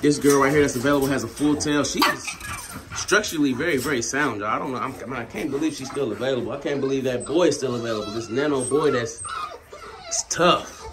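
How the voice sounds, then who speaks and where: A man's voice: medium pitch, quick pace, background noise. A man talking casually to his viewers as a dog breeder, calling them y'all and breaking off to scold his dogs. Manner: laid-back, talks to dogs mid-sentence. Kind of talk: casual vlog.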